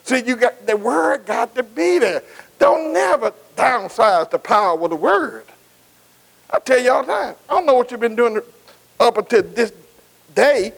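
A man's voice: very high-pitched, lively intonation, normal speed, gravelly, rough recording. A man preaching a sermon, emphatic and repetitive, calling on his congregation to answer him. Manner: call-and-response, asking the congregation to answer.

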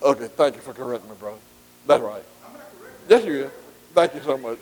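A man's voice: mid-range voice, expressive, a little fast. A man preaching a folksy sermon, calling out "amen" and asking the congregation for responses. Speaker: pastor.

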